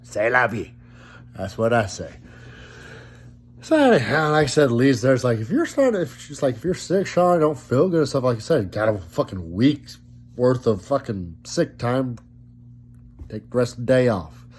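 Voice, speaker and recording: This young vlogger, still coughing after being sick, recounts his illness in a rambling, profane, casual story from his sofa at home. He speaks at normal speed in a mid-range voice with big pitch swings, long pauses and a breathy edge.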